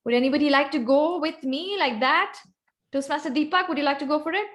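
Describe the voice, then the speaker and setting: A woman with an Indian accent, a guest speaker teaching vocal variety, gives an instructive online club workshop on speaking skills and calls on volunteers by name. She talks fast in a high, fairly bright voice.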